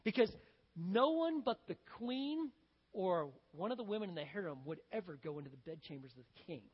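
A man preaching a sermon as a pastor, telling a story in an animated, conversational way. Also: high voice, brisk, breathy edge. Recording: dull lo-fi sound with long hall reverb.

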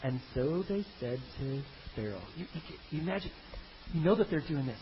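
Animated preacher man, lively high voice. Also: moderate pace, muffled recording, noisy background. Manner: animated, comic, acts out biblical characters in funny voices. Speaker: pastor. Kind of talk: sermon.

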